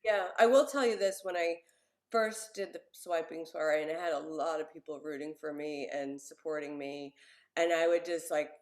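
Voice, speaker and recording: A woman guest on a podcast interview, telling a personal story in an animated, expressive way with plenty of fillers. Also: low voice, moderate pace.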